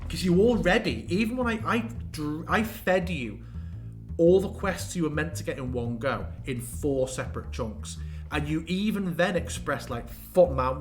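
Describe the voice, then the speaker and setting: A man's voice: a little high, soft background music. A man and game master, chatting casually and animatedly about a finished campaign, acting out quotes as he goes. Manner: animated, quick, swearing, acts out quotes. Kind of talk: casual chat looking back on a campaign.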